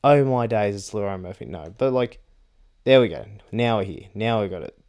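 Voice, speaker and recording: A young man delivers casual fight predictions in a blunt, rambling way, swearing freely and filling his talk with "like" and "bro". His voice sits a little low, smooth and clear. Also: lively intonation, normal speed, a little mellow.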